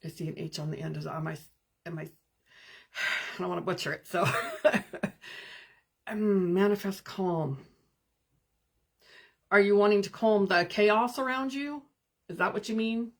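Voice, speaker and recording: A woman hosting a live stream as a spiritual coach, speaking in calm, gentle, meditative guidance with pauses and answering viewer comments. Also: mid-range voice, gravelly.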